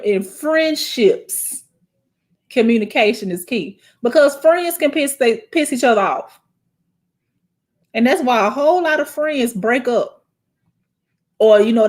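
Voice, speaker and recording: Woman host, young adult, casual chat, animated and preachy, can turn teary. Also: on the high side. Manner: animated, preachy, talks straight to viewers; emotional, tearful, halting.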